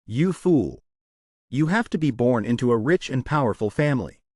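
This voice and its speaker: A man's voice: medium pitch, expressive, moderate pace, darkish tone, no room sound, close to an everyday voice. Man doing a cruel young bully, sneering and contemptuous, dry close sound. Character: brutal arrogant young male trainee bully.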